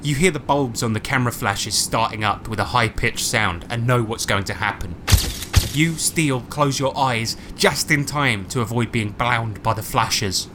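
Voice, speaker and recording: A man's voice: medium pitch, moderate pace, background noise. A man narrating a tabletop role-playing game as game master, wry and playful.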